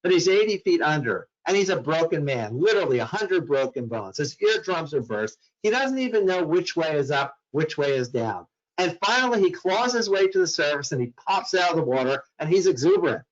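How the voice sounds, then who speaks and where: A man's voice: a little high, big pitch swings, fairly quick, few pauses, muffled recording. A man giving a talk on mental health to workplace staff, telling a story dramatically and acting out the voices in it.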